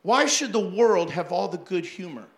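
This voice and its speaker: A man who is a pastor, telling funny church stories in an animated sermon, acting out the people he quotes and laughing often. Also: high-pitched, normal speed, creaky, roomy sound. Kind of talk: storytelling sermon.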